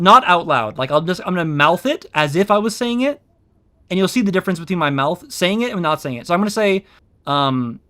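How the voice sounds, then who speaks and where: Rambling man streaming, fairly high voice. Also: pushed and bright. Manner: rambling, explains with many fillers. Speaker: VTuber streamer. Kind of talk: casual stream chatter. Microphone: own streaming mic.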